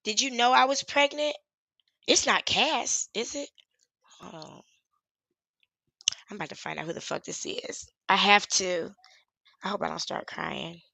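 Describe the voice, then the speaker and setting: A woman's voice: medium pitch, animated, unhurried, creaky, long pauses, pushed and bright, breathy edge, no echo, poor audio. Woman live streaming, emotional and blunt, lots of laughing and cussing, super dry close sound. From Charlotte, USA. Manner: candid, profane, emotional, laughs often. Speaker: livestream host and activist. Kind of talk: casual live-stream chat.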